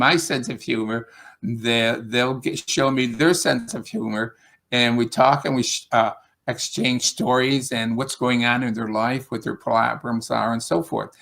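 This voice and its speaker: Creaky and a bit bright, his mid-range voice carries an upstate New York accent. He's on a video call, casually rambling about teaching English, with plenty of fillers and restarts.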